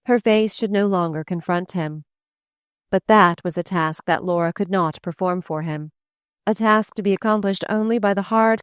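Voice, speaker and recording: A woman narrating a classic novel in a measured, even-toned reading, recorded close to the mic. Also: on the low side, clean tone, dry recording. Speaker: audiobook narrator. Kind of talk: scripted literary narration.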